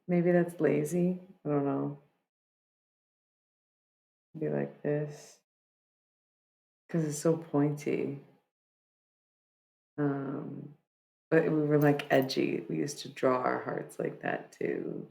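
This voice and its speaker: A woman's voice: low voice, gravelly, darkish tone. A woman livestreamer chatting casually with her viewers, rambling and laid-back, with lots of fillers and restarts.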